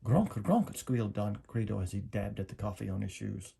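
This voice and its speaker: A man reading a children's story aloud as a lesson, gentle and explaining. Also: on the low side, flat delivery, fairly quick, vocal fry, slightly rough. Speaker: reader.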